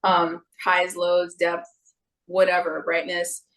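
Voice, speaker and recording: A woman's voice: fairly low pitch, takes it slowly, rough recording. A middle-aged woman, a singer and vocal coach, chatting as an interview guest and slipping into playful voices to make her points. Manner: expressive, jumps into playful character voices. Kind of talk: casual interview chat.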